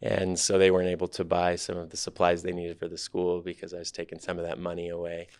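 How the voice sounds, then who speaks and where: A man in his thirties, a startup CEO guest on a podcast interview, telling his story in a relaxed, candid, thoughtful way. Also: sits low, quick pace, clean tone, dry recording.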